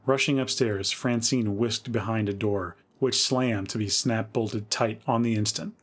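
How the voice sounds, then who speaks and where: A man narrating a spooky story in a measured, atmospheric way. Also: lowish voice, steady tone, husky. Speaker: podcast host reading a story.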